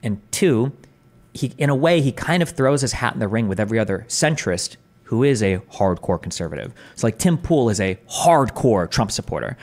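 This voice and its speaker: A man's voice: medium pitch, very animated, moderate pace, darkish tone. A man hosting a livestream in casual debate chat. He is restless, hedging and full of questions. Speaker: streamer host.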